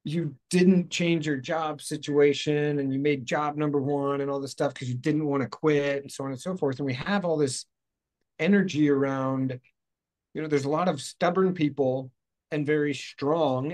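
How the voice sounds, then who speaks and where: A man's voice: fairly high pitch, steady tone, moderate pace, darkish tone. A man hosting a spiritual talk show, talking casually in a rambling, playful way, correcting himself as he goes. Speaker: host. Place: outdoors in hot weather.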